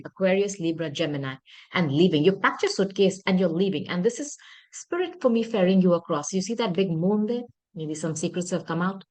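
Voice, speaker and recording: A woman with a lowish voice reads tarot cards for her viewers in an earnest, searching way. She often thinks out loud and apologizes for what she sees, and her pitch and loudness rise and fall. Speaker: tarot reader. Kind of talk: tarot reading monologue.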